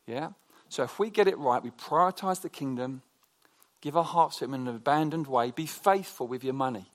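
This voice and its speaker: A man preaching a conversational sermon, telling personal stories in a chatty, animated way with frequent restarts. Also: medium pitch, a little fast.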